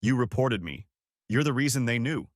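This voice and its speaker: A man's voice: medium pitch, lively intonation, normal speed, no echo, studio quality, lightly acted. A man voicing a desperate, unfaithful wife who pleads and then turns cold, in a story reading.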